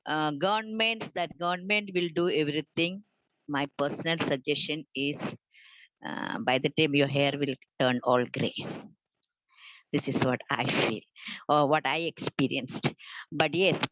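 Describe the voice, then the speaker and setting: A woman's voice: low-pitched, a bit bright, no room sound. Earnest woman on a dull call. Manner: earnest, halting, many fillers. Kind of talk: unscripted panel talk. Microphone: video call. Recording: dull lo-fi video call audio.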